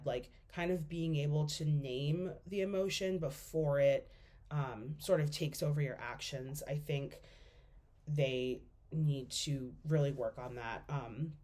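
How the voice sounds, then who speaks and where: A woman's voice: deep voice, slow pace, mellow. A young woman giving a class presentation as a student, speaking casually with lots of fillers as she thinks aloud.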